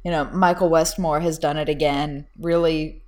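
A young adult woman co-hosting a casual podcast chat, animated, laughing often and acting out scenes she describes. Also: sits low, moderate pace. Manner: animated, laughs often, quotes lines in voices. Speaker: podcast co-host.

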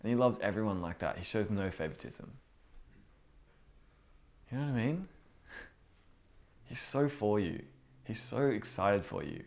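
A man's voice: lowish voice, expressive, moderate pace, gravelly, pauses often, a little mellow. A young man giving an informal, earnest sermon, chatty and full of fillers like "you know what I mean". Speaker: preacher.

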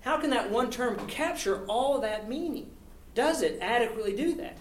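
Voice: mid-range voice, animated, moderate pace. Distant echoey lecturer at a podium. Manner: poses rhetorical questions, frequent "right?" tag. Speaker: university lecturer. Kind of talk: academic lecture with slides. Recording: echoey hall, distant mic, faint hiss.

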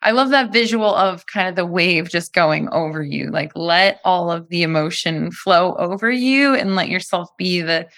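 A woman's voice: fairly low pitch, normal speed, hardly any pauses. A woman hosting a podcast interview, affirming her guest and asking follow-up questions. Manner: affirming, soft backchannels. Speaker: podcast host.

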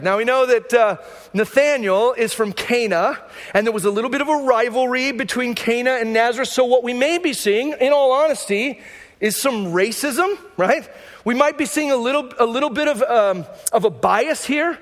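A man's voice: very high voice, moderate pace, big-room sound. A man preaching a sermon as pastor, talking conversationally and repeating key lines for emphasis. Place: church sanctuary.

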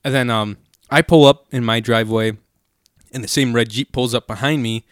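A man's voice: medium pitch, fairly even intonation, moderate pace, clear, resonant tone, dry recording, clean studio sound. A man in his twenties telling rambling, profane stories in casual conversation as a podcast host. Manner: loose, profane, rambling storyteller. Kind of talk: casual storytelling chat.

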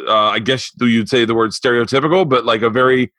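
A man in his forties hosting a podcast, telling stories in an animated, rambling, profane way. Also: mid-range voice, fairly quick, no room sound. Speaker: podcast host. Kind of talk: casual chat.

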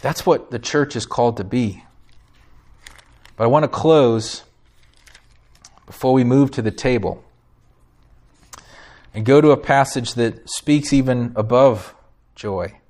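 A man's voice: medium pitch, slow pace, pauses often, a little mellow. Emphatic male pastor preaching a sermon. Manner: emphatic, rising on key phrases, asks the congregation questions. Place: church sanctuary.

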